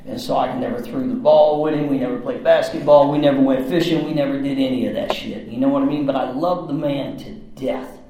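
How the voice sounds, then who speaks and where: A man telling a candid personal story in rough, profane, run-on bursts. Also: medium pitch, steady tone, brisk, few pauses, dark tone, slight background noise. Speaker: storyteller recounting his past. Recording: very echoey room.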